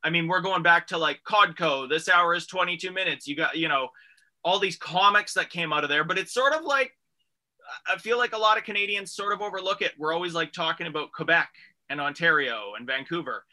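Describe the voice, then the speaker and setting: Bright, energetic male radio host. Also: on the high side. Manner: energetic, jokey, drawn-out announcer delivery. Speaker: radio comedy show host. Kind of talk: upbeat radio show hosting.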